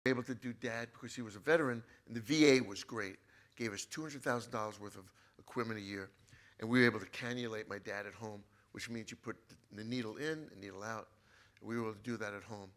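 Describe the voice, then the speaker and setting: A man's voice: fairly low pitch, quick pace, a bit bright. A man, a book author as a guest, telling an emotional personal story in an earnest way and repeating his phrases.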